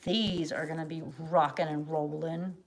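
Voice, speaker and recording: A middle-aged American woman hosting a craft livestream in a chatty, rambling way, dropping to soft mutters and then bursting out loud. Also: low voice, fairly even intonation, a little slow, a little hiss or hum. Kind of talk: casual live-stream chat.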